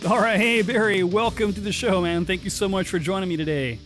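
A man with a somewhat raised voice hosts a podcast, cracking dry jokes at his own expense. He talks quickly through a scripted intro, then eases into casual conversation. Music plays clearly under his voice. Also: high voice, steady tone, a bit bright. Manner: wry, self-mocking jokes, quick delivery. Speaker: podcast host.

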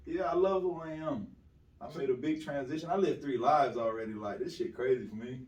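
A man's voice: mid-range voice, a little fast, a little mellow, muffled recording. A young man from South Florida, a guest telling stories in a slangy, swaggering casual interview. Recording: roomy, distant mic with faint ambience.

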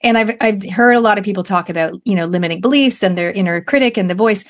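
A woman's voice: medium pitch, quick pace. Enthusiastic woman radio host. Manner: enthusiastic, affirming, quotes the guest back. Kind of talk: casual interview talk.

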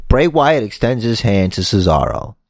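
A man hosting a podcast in casual chat, telling a comic wrestling story in an animated, joking way and swearing casually. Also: on the low side, moderate pace, no echo, studio quality. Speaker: podcast host.

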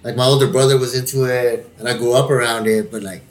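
A man's voice: medium pitch, steady tone, fast. A man in casual podcast chat, joking and swearing as he talks, often breaking into laughter. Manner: profane, laughing, jokey. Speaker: podcast co-host. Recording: roomy echo, faint room noise.

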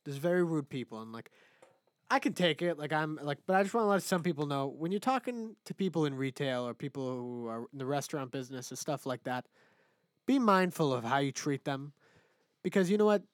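A young man, co-hosting a casual podcast, swearing freely and ranting with quick laughs. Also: fairly high pitch, expressive, no echo, studio quality. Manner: profane, ranting, laughs often. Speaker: podcast co-host. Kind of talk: casual chat.

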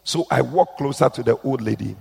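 A man preaches with urgent, pleading force, and his voice is husky with a gravelly edge. It rings out with a long reverb, as if recorded in a large hall. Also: mid-range voice, fairly quick, warm tone. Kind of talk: sermon with read-out testimony. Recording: echoey hall.

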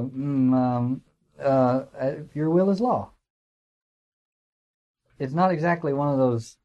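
A man's voice: a little high, a little mellow. A man giving a classroom lecture in a conversational, digressive way, with fillers and wry asides. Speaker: teacher.

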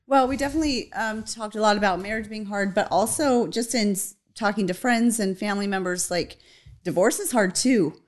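A woman co-hosting a casual podcast. She talks in a loose, conversational way, laughs lightly and often, and fills her sentences with little pauses. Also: medium pitch. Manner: giggly, conversational, many fillers like "um" and "like". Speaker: podcast co-host. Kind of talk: casual chat.

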